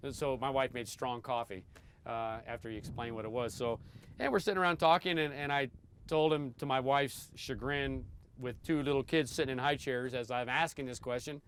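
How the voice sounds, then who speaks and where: A middle-aged former motorcycle racer telling stories in a relaxed, rambling way, often repeating his first words. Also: mid-range voice, slight background noise. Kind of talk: casual storytelling interview.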